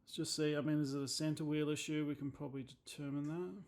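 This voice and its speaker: A man's voice: on the high side, little pitch movement, quick pace, darkish tone. A man with an Australian accent, talking casually through a watch repair as a watchmaker, blunt and exasperated with a habit of swearing when annoyed. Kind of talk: casual workbench commentary.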